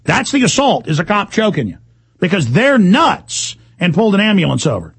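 A man hosting a talk radio show, delivering an angry, shouting tirade. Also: high voice, wildly swooping pitch, normal speed, breathy edge. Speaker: radio host.

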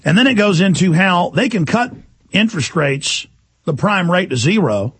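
A man hosting a talk show, delivering a forceful, lecturing political monologue with rambling asides. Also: sits high, lively intonation, normal speed, breathy edge, no room sound.

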